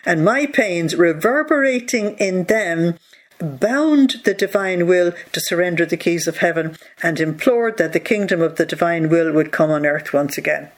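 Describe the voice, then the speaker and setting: A teacher reading a devotional text aloud, slowing down on key phrases and stopping to explain them with rhetorical questions. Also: mid-range voice, animated. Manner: reads passages slowly, then explains with rhetorical asides.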